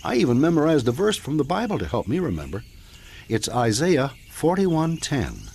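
A man's voice: on the high side, wildly swooping pitch, moderate pace, vocal fry, darkish tone, slightly rough, heavily acted. An actor playing a patient, reassuring older man in an audio drama, speaking in a soothing, fatherly way. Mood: gentle. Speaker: kindly mentor.

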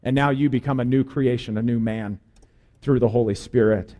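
A man's voice: mid-range voice, fairly even intonation, moderate pace, mellow. A man preaching a sermon as pastor, putting earnest, direct questions to his congregation.

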